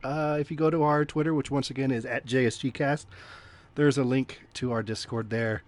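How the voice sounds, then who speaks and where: A man hosts a casual podcast chat with friends. He talks loudly and playfully, laughing often, at an ordinary middle pitch. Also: steady tone, moderate pace. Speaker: podcast host.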